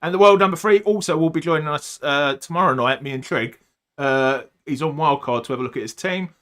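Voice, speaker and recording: A man's voice: fairly high pitch, fairly quick, a bit bright. A man hosting a casual live podcast chat, joking and rambling, with lots of ums and uhs. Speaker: podcast host.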